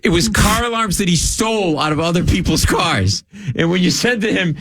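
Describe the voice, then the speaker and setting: A middle-aged man from Rhode Island, a guest comedian telling rambling, animated stories in casual chat. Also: high-pitched, a little fast, no echo. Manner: rambling, animated, full of "like" and asides. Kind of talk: comic storytelling in casual chat.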